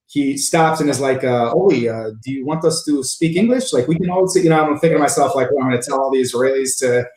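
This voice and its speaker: Chatty man in an echoey room. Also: medium pitch. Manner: animated, talks with many fillers and restarts. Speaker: podcast guest, sales engineering leader. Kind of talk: casual interview storytelling. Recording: roomy echo.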